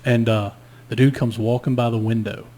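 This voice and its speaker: A man's voice: medium pitch, fairly even intonation, normal speed, darkish tone. A man telling a long story in casual podcast chat, laid-back and profane. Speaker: guest storyteller.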